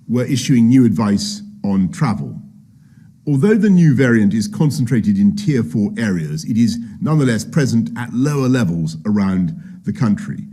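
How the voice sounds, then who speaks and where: A man delivers a formal public address as a national leader, his voice low and mellow. He speaks gravely and deliberately, leaning on key phrases with a slightly husky tone. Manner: grave, measured delivery with emphatic repetition. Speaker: prime minister.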